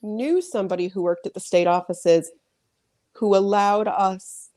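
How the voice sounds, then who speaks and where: A woman co-hosting a radio book show, her voice mid-pitched and easy. She talks with enthusiasm and tells little stories, quoting herself and others as she goes. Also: unhurried, mellow. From southern New Hampshire. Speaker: co-host. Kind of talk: casual interview chat.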